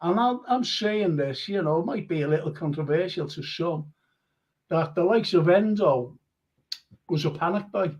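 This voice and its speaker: A man's voice: fairly high pitch, animated, moderate pace, darkish tone. Chatty man hosting a muffled live stream. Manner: chatty, laughs often, reads viewer comments aloud. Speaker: host of a live fan show. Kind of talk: casual live-stream chat.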